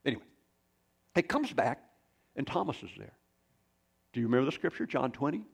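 A male pastor delivers his sermon in a mid-pitched voice with a rough, gravelly edge. He preaches like a storyteller, folksy and loose, often breaking off into rambling asides. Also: big pitch swings, brisk.

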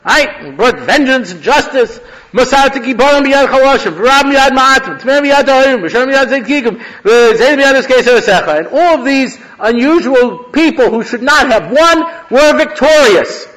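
A man's voice: very high-pitched, lively intonation, normal speed, fairly bright tone, poor audio. A man, a rabbi, giving a conversational Torah class, mixing Hebrew phrases into his teaching. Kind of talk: lecture-style Torah class.

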